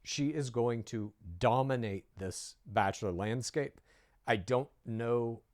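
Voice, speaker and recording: A man's voice: medium pitch, slow, a little mellow, no room sound, clean studio sound. A man co-hosting a podcast, giving sardonic, analytical commentary on a reality star. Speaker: podcast co-host. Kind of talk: reaction commentary.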